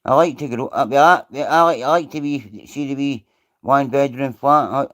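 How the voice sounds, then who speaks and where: A man with a Scottish accent and a medium-pitched, fairly bright voice hosts a casual live stream at a moderate pace. Rambling and swearing freely, he greets viewers by name as they come in.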